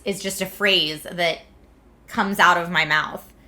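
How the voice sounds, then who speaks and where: A woman's voice: on the low side, steady tone, takes it slowly, pushed and bright. A woman, chatting casually with her viewers on a stream and laughing often. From Philadelphia area, USA. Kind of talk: casual chat reading viewer comments. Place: home streaming setup in California.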